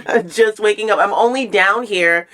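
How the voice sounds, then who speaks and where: A woman's voice: mid-range voice, normal speed, slight background noise. A woman from New York, co-hosting a podcast, chatting casually and laughing often while she tells stories. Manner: laughs often, animated storytelling. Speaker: podcast co-host. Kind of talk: casual chat.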